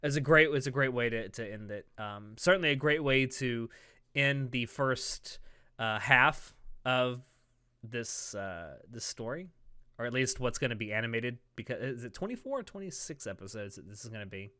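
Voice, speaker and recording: Bright clear-voiced guy doing a chatty podcast review, laughs a lot, dry close sound. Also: mid-range voice, lively intonation, moderate pace, dry recording. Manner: chatty, laughs easily, talks through plot details at length. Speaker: podcast co-host. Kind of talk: casual podcast review chat.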